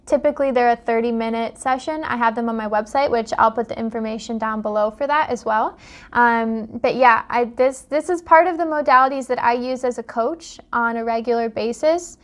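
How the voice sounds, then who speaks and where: A woman's voice: fairly high pitch, fairly quick. A young adult woman, a life coach, talking straight to her viewers in an impassioned vlog monologue full of rhetorical questions. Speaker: life coach and dream interpreter. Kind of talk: direct-to-camera vlog monologue.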